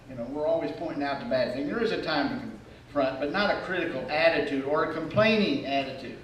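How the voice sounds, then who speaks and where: A male pastor preaching a sermon, animated and humorous, acting out the attitudes he describes. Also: a little high, fast talker, slight background noise. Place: church sanctuary. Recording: echoey church hall from far off.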